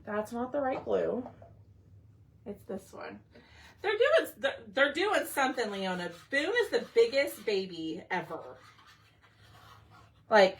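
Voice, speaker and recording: A woman hosting a casual craft tutorial livestream, chatting with her viewers and her pets while she works. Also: medium pitch.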